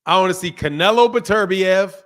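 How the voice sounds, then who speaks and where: A man's voice: sits high, fairly quick, a bit bright. A man with a Philadelphia accent hosting a casual boxing livestream, reading super chats in a playful way and repeating phrases.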